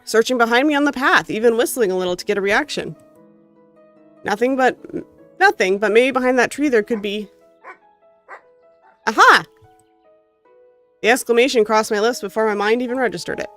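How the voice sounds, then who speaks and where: A woman with a North American accent streaming a game, reading its story text aloud with expression and breaking off into casual asides to chat. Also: on the high side. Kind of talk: reading a visual novel aloud while chatting with stream chat.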